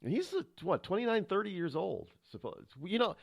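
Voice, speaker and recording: A man's voice: high-pitched, sing-song, fairly quick, creaky, no room sound, clean studio sound. A man hosting a call-in radio talk show, rambling and self-promoting as he digresses.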